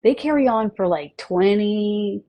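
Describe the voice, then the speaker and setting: A woman hosting a livestream about channeled spiritual messages, earnest and halting, with many fillers. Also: medium pitch, lively intonation, muffled recording.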